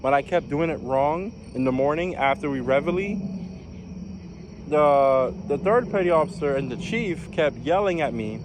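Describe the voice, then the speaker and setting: A man's voice: a little high, lively intonation, moderate pace, background noise. A young man casually telling a personal story as a vlogger, rambling and repeating phrases.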